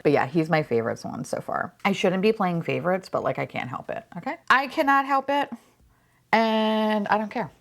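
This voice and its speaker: A woman talks through a toy unboxing in a casual, excitable rush. Her pitch leaps all over the place as she gushes, curses playfully and breaks into squealing laughter. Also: normal speed. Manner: gushing, swearing, bursts of squealing laughter. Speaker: unboxing vlogger.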